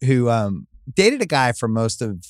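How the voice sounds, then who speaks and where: A man hosting a casual podcast, speaking in a relaxed, wry conversational way. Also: mid-range voice, unhurried, no echo, studio quality. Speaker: podcast host.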